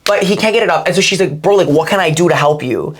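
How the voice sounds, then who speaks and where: A young man co-hosting a podcast, chatting and telling stories in an animated, dramatic way. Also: a little high, quick pace, breathy edge. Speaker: podcast co-host. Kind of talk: casual chat and storytelling.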